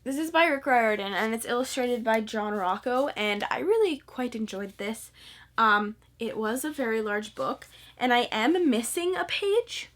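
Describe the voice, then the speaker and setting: A woman's voice: fairly high pitch, animated, unhurried, a bit bright. A teenage girl chatting in a casual, gushing way about books she read, with lots of "like" fillers. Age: teen. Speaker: book vlogger. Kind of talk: casual book review vlog.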